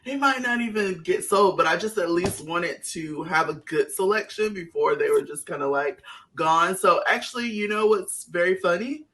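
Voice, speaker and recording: A woman's voice: lowish voice, moderate pace, a bit bright, slight background noise. A woman co-hosting a podcast, chatting casually with friends and telling a rambling story through frequent laughs. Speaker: podcast co-host. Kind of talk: casual chat among friends.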